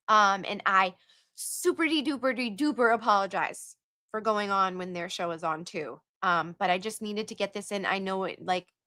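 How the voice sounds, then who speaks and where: A woman hosting a casual livestream, reading out donations and messages with animated asides. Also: medium pitch, no room sound, clean studio sound. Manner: animated, reads donor names and messages aloud with quick asides. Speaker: livestream host.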